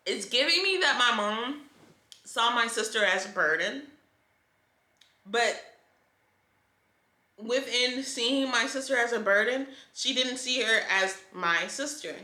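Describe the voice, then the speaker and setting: A woman's voice: on the high side, lively intonation, takes it slowly, long pauses, pushed and bright, reverberant. A woman in her twenties telling a personal story to camera in a candid, emotional, conversational way. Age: 20s. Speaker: vlogger.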